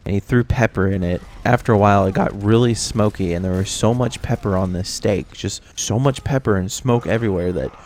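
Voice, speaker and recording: A young man telling a casual storytime vlog, animated with exaggerated reactions. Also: on the low side, a little fast, few pauses, slight background noise. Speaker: video creator.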